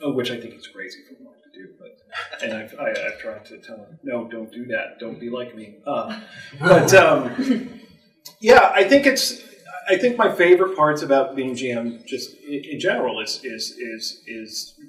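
A man's voice: medium pitch, big pitch swings, fairly bright tone. Older man rambling on a panel. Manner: rambling, self-deprecating, halting with fillers. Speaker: game master on a convention panel, moderator. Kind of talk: casual panel talk. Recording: roomy, from far off the mic.

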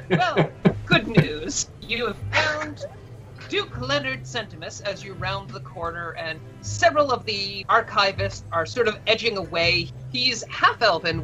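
A woman runs a tabletop game and describes the scene in a relaxed, chatty way. Her voice is bright and crisp, and she adds small fillers as she goes. Soft music plays in the background. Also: medium pitch, muffled recording. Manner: casual and chatty, with fillers and laughs. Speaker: game master.

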